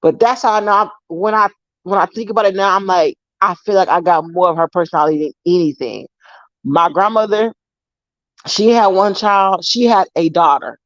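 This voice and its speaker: A woman vlogger casually telling family stories to her viewers, animated and swearing freely. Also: mid-range voice, moderate pace, no echo, lo-fi sound.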